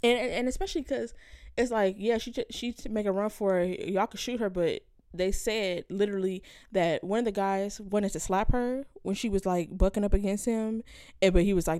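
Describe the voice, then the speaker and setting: A woman's voice: medium pitch, normal speed, dark tone, dry recording, clean studio sound. A woman co-hosting a podcast, chatting casually about a novel with lots of fillers and acting out the characters' lines. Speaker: podcast co-host. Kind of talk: casual book club chat.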